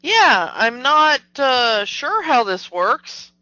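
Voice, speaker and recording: Speaking very slowly in a high, sing-song voice with a sharp edge, a woman co-hosts a podcast and chats skeptically and animatedly about a movie, using lots of fillers. The lo-fi recording sounds dull but has no echo.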